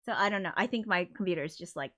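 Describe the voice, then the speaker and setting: A woman's voice: lowish voice, racing, pushed and bright. A woman hosting a casual livestream, flustered and apologetic as she talks, swearing under her breath. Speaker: livestream host.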